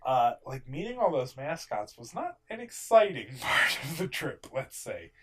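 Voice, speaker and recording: A man's voice: medium pitch, very animated, unhurried, fairly bright tone. A man in casual podcast chat who jokes, swears and laughs often. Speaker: podcast co-host.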